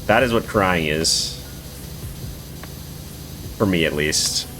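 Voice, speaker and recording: A man's voice: low voice, takes it slowly, over music. A man streaming live, chatting casually with viewers in a rambling, swearing way with lots of filler words.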